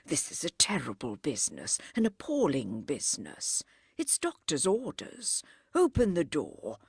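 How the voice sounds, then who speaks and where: A woman voicing an anxious, pompous middle-aged businessman who speaks in a hushed, blustering way. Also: deep voice, huge pitch swings, unhurried, husky, no room sound, studio quality, full character voice.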